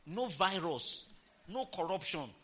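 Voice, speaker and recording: A woman pastor delivers a sermon with a wildly swinging, lively pitch. Her tone is bright and forceful as she fires rhetorical questions at the congregation. She bursts into loud, emphatic exclamations. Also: takes it slowly, breathy edge.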